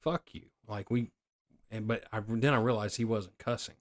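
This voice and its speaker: A man's voice: lowish voice, moderate pace. A middle-aged man telling profane stories in a casual podcast chat. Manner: profane, animated storyteller. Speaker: podcast co-host.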